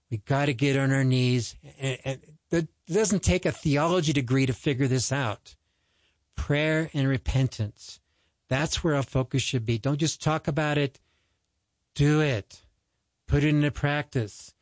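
A man's voice: medium pitch, unhurried, no room sound. A man giving an earnest, exhorting radio sermon that rises to urgent pleading. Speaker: ministry host.

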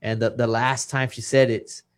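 A man's voice: mid-range voice, little pitch movement, moderate pace, clear, resonant tone. A middle-aged man, a retired boxer, telling an emotional personal story in conversation and acting out the dialogue he quotes. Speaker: retired professional boxer, guest.

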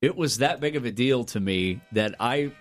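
A man hosting a morning radio show, chatting and telling stories in a playful, animated way. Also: mid-range voice, moderate pace, no echo, soft background music. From American Midwest. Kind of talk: casual morning radio banter.

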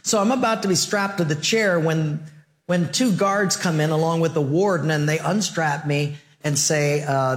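A male preacher giving a sermon, animated and joking as he acts out the dialogue of his stories. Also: on the high side, moderate pace. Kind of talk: sermon with storytelling.

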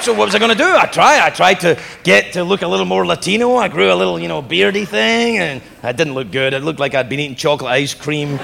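A man from England performing a stand-up comedy set on a theater stage, telling stories in an animated way and mocking the voices he puts on. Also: on the high side, creaky, big-room sound. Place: theater stage before a live audience. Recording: live venue with loud crowd noise.

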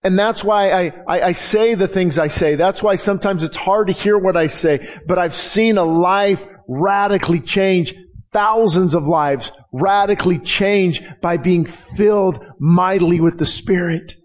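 A middle-aged pastor with a high-sitting voice preaches a passionate sermon at a measured pace. He acts out prayers and quotes, often restarting his sentences.

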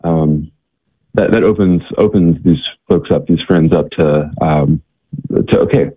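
A man telling earnest stories as an interview guest, halting with many restarts and fillers, over a phone-like line. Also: extremely low pitch, slightly rough, no room sound. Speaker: guest, missionary organization worker. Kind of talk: interview storytelling. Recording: tinny phone-like line, dry.

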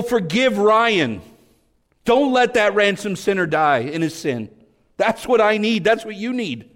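A man preaching a sermon fervently, rising to emphatic peaks and dropping to hushed low passages. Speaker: pastor. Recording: long hall reverb.

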